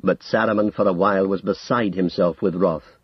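Husky, low-voiced male audiobook narrator. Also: steady tone, a little fast, no room sound. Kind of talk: scripted narration. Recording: dull lo-fi audio, dry.

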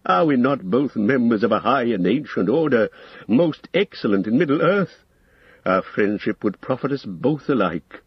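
A man voicing a proud, persuasive old male wizard in an audiobook, with smooth coaxing speech that climbs to lofty emphasis. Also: medium pitch, lively intonation, normal speed, no echo. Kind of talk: audiobook character reading. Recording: dull lo-fi audio, dry.

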